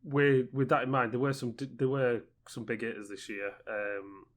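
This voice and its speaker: A man's voice: mid-range voice, steady tone, moderate pace. A man hosting a podcast in a dry, matter-of-fact way, steering the chat. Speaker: podcast host. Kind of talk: casual chat.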